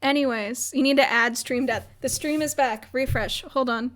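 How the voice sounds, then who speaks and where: A woman's voice: high voice, moderate pace, fairly bright tone. A young woman casually recapping a roleplay server on her livestream, rambling and giggling with lots of filler words. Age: young adult.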